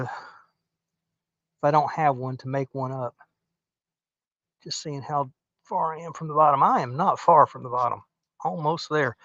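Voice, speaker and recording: A man's voice: fairly high pitch, fairly bright tone, dry recording. A man hosting a woodturning livestream, chatting casually and thinking aloud as he works in his workshop. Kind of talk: casual livestream chat while turning. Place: home workshop at a lathe. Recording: dull, dry, lo-fi sound.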